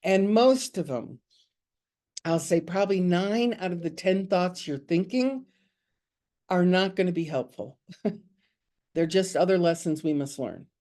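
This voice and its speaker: Woman teaching a spiritual group on a video call, unhurried, soft dark tone, laughs a lot. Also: fairly low pitch, lively intonation. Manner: chuckles often, warm and confiding. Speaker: spiritual study group leader. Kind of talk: informal spiritual teaching talk.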